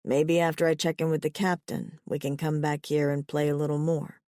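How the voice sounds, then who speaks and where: A woman voicing a soft-spoken possessive alien warrior. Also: sits low, little pitch movement, normal speed, no room sound, clean studio sound, voice pushed down, lightly acted. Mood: tender.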